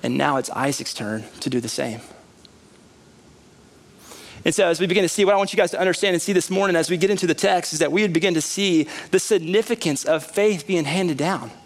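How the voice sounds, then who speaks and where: In a church sanctuary, a man in his thirties preaches a conversational sermon with animated delivery and rising emphasis. His voice is fairly high and his pace fairly quick.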